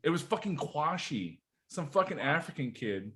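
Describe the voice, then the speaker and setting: A man's voice: a little high, moderate pace. A man, a podcast guest, telling army stories in casual, profane chat and acting out the people he quotes. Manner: profane, animated, acts out shouted quotes.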